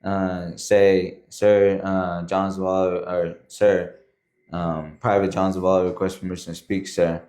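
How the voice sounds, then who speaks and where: Deep-voiced man telling a casual story. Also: level tone, measured pace, dark tone. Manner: loose and conversational, filler words and frequent "man" and "bro". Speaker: podcast guest.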